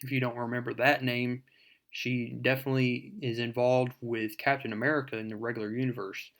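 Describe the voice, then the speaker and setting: A man casually recapping a comic book issue as the show's host. His voice sits at an ordinary male pitch. He rambles with fillers and self-corrections as he goes. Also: flat delivery, fairly quick, a bit bright.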